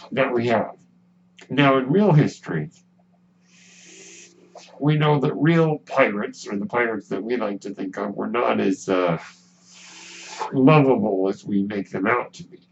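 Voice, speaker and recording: A man hosting his own podcast in a relaxed, musing monologue, speaking with a ventilator that is heard in the background. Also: fairly low pitch, creaky. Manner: relaxed, musing, with pauses and restarts. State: breathing with a ventilator. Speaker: podcast host. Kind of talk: casual solo podcast monologue. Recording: dull lo-fi sound with faint hum.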